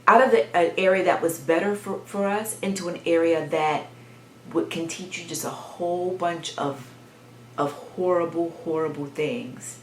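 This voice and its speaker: A woman with a slightly low voice tells a story from her own childhood to the camera. She talks in a reflective way, pausing and restarting as she remembers. The room around her is echoey. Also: a little hiss or hum. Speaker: vlogger. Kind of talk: personal storytelling.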